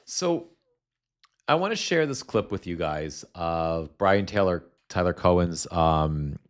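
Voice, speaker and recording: A middle-aged man from New Jersey hosts a casual political livestream. He talks in a fairly low voice, heated and profane. He stumbles into restarts and fillers, then presses on. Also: lively intonation, takes it slowly. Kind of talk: casual livestream commentary, reading chat.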